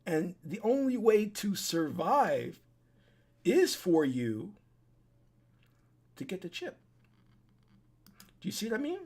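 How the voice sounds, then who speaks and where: Slow and sing-song, a high-pitched, slightly mellow male voice pauses often. The online commentator lectures his desk webcam in an urgent, preachy solo warning, circling back to his points and starting sentences over.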